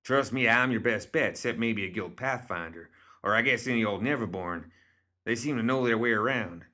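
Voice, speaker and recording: A man voicing a tall, quiet male wilderness guide with a heavy drawl, in a storybook reading. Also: on the low side, moderate pace. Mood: insistent.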